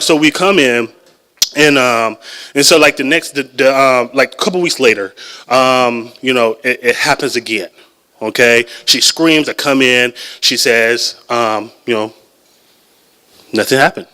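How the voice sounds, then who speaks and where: A man telling a personal story live at a story slam, chatty and animated, often laughing at his own lines. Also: medium pitch, unhurried.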